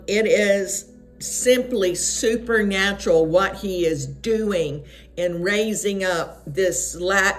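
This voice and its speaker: A woman giving a fervent prophetic devotional message, repeating her key phrases for emphasis. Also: fairly low pitch. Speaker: online devotional speaker.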